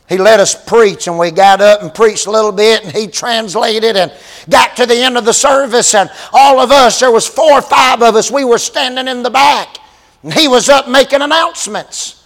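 A man preaching a storytelling sermon, animated and building to shouted exclamations. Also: extremely high pitch, moderate pace. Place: large church sanctuary. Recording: long reverb of a large hall.

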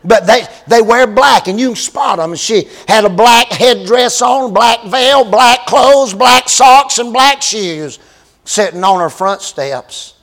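A man preaching a storytelling sermon, animated and building to shouted exclamations. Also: very high voice, slow pace, vocal fry. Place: large church sanctuary. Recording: long reverb of a large hall.

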